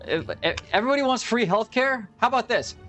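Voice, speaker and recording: A man's voice: extremely high pitch, quick pace, faint music behind. A young adult man telling profane, ranting stories in casual chat while streaming. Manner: profane, ranting, animated storytelling.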